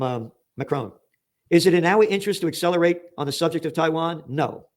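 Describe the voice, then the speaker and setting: An American man hosting a political commentary show, reading news headlines aloud and ranting about them with sarcastic, emphatic outbursts. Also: on the high side. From United States.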